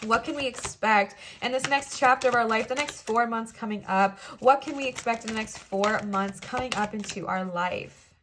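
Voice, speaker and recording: A young woman reads tarot cards for her viewers in a chatty, playful voice that sits a little high. She reassures her listeners warmly and now and then slips into little acted-out quoted voices. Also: normal speed, few pauses, background noise. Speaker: tarot reader. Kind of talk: pick-a-card tarot reading.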